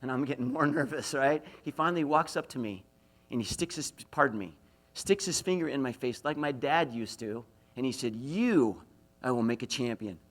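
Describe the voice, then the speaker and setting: A man's voice: mid-range voice, a little fast, fairly bright tone. A middle-aged man from Idaho giving a university lecture, telling self-deprecating stories and throwing questions to the audience. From Idaho, USA. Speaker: motivational speaker.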